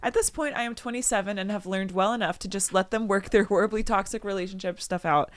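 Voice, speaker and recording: A young adult woman co-hosting a podcast reads a listener's story aloud in casual chat, breaking off to joke and comment and acting out quotes loudly. She talks at a quick pace with a medium-pitched voice on a dry recording.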